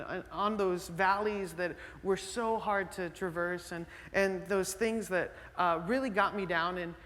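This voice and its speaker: A man's voice: sits high, big-room sound. Chatty male pastor telling a story. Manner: conversational, animated storytelling with filler words and restarts. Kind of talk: sermon with storytelling. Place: church sanctuary.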